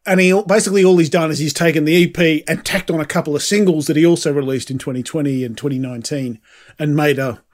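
A man's voice: fairly high pitch, fairly even intonation, fast talker. A man, co-hosting a podcast and reviewing an album in casual, rambling, sweary chat. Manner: rambling, sweary, frequent restarts. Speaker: podcast co-host.

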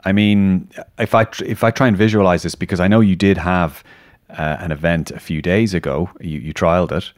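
Irish male host, low voice, self-deprecating chatter, dry studio sound. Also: steady tone, a little fast, no echo. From Ireland. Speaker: podcast host. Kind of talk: conversational interview.

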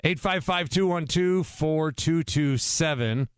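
A sports radio host with a fairly high, animated voice who jumps in on callers. He sounds close and dry in a studio booth. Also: slow pace, smooth, dry recording. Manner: animated, talks over callers. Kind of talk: call-in sports talk.

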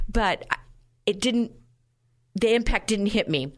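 A woman guest on a radio show, telling her personal testimony with lively storytelling and frequent laughter. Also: mid-range voice, slow, pauses often.

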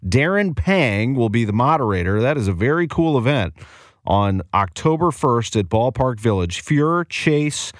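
A man hosting a sports radio show, running briskly and enthusiastically through scores, schedules and upcoming guests. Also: mid-range voice, very animated, no echo, studio quality. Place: radio studio. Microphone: studio microphone.

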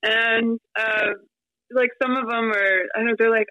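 Bright, high-voiced woman telling stories. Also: measured pace, low-quality recording. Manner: chatty, animated, many fillers and quoted asides. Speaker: podcast guest. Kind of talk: casual storytelling interview.

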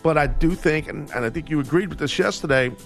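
A man's voice: a little high, quick pace, vocal fry, soft background music. A man hosting a sports radio show in casual chat, rambling with lots of fillers and restarts.

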